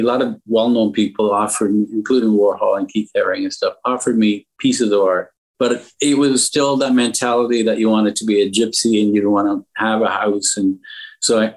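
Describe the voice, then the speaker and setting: A man's voice: fairly low pitch, poor audio. A man from Lebanon, interviewed as an entrepreneur and art collector, telling rambling anecdotes with restarts.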